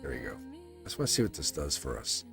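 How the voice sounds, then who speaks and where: A man's voice: extremely low pitch, huge pitch swings, quick pace, vocal fry, music in the background. A man hosting a live tarot reading in casual spiritual talk, rambling and repeating phrases, chuckling often. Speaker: tarot reader livestream host.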